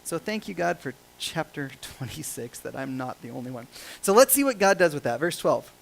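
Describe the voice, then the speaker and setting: A man's voice: fairly high pitch, sing-song, moderate pace, creaky, low-quality recording. A male pastor preaching a sermon in a conversational, joking and self-deprecating way.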